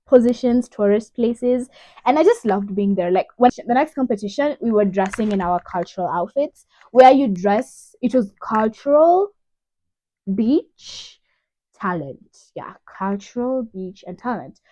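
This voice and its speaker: A woman's voice: fairly high pitch, expressive, a little slow, warm tone, dry recording, low-quality recording. A young woman from Kenya, telling a personal story in a rambling, casual way full of "you know". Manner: rambling, lots of "you know", emotional retelling. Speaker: vlogger.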